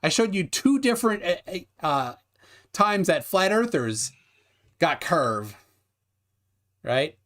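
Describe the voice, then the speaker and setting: A man's voice: high-pitched, slow, long pauses. A man hosting a casual livestream debate, reading chat aloud and explaining with frequent restarts. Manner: animated, many restarts, reads chat aloud. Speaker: livestream host.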